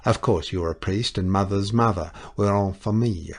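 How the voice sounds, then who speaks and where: A man's voice: fairly low pitch, normal speed. A man voicing a scornful, bitter young society wife. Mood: mocking. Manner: cutting, scornful, impassioned.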